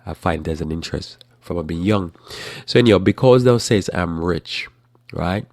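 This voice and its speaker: A man hosting a casual religious talk show about current events, rambling with restarts in a flat, matter-of-fact way. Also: deep voice, moderate pace, no room sound, studio quality. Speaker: host.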